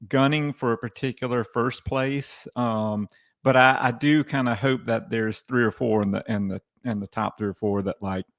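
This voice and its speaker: A man's voice: medium pitch, steady tone, moderate pace. A man with a Southern US accent, guest co-host on a livestream, talking in a laid-back, easygoing drawl.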